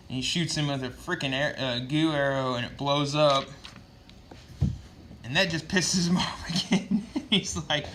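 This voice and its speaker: Bright-voiced man recapping a comic. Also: medium pitch, normal speed, slight background noise. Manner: loose, profane storytelling with lots of fillers. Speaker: comic book reviewer.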